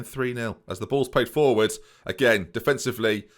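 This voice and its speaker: A man doing excitable let's play commentary, talking straight to his viewers with mock-boastful swagger. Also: mid-range voice, normal speed. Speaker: gaming YouTuber.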